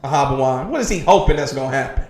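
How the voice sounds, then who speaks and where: A man's voice: mid-range voice, animated, fast, a little mellow, echoey room. A man teaching a religious class in a preaching style, emphatic and insistent, asking his listeners whether they understand. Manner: emphatic, constantly asks "you understand?" and says "man". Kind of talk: preaching lecture to a streamed class. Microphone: livestream computer mic.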